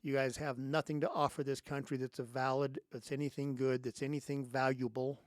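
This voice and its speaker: A man's voice: mid-range voice, little pitch movement, fairly quick, dry recording, clean studio sound. Angry sarcastic man ranting. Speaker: host. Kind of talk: political commentary monologue.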